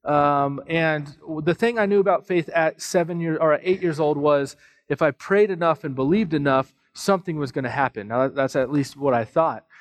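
A man pastor preaching a sermon, telling a personal story in a casual, joking, animated way full of asides. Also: a little high, normal speed, no echo. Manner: conversational storytelling with self-deprecating humor; animated, with frequent fillers and asides.

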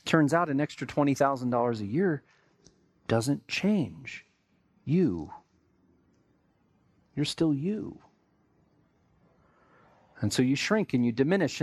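A man's voice: a little high, no echo. An American man preaching a sermon in a conversational way, acting out everyday people's remarks in quotes. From United States. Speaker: pastor.

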